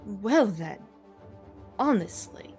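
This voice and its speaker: Slow, measured woman in a tabletop game. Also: medium pitch, animated, darkish tone, soft background music. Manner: measured, explaining her actions step by step. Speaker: player.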